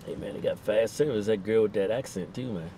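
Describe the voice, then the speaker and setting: A man's voice: fairly low pitch, a little fast, dark tone, slight background noise. A man co-hosting, bantering casually in a laid-back drawl from inside a car at a drive-thru. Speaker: co-host. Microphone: camera mounted in the car.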